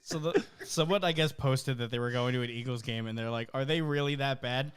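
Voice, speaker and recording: A man's voice: medium pitch, fairly quick, clear, resonant tone. A young man in casual podcast chat, ranting emphatically and swearing freely. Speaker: podcast co-host.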